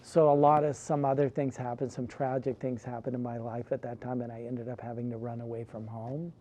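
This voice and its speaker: Mellow, flat-voiced man telling stories. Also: medium pitch, fairly quick, slight background noise. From California. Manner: rambling anecdotes with frequent "like". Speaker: guest, photographer. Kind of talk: casual storytelling interview.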